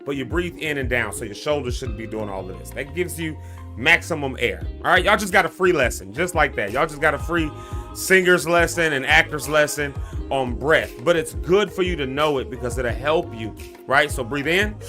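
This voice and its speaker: A man's voice: fairly high pitch, lively intonation, normal speed, pushed and bright, soft background music. A man with a Southern US accent hosting a live morning stream, chatting loosely with viewers, laughing often and calling them y'all. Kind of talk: casual live-stream chat with breathing tips.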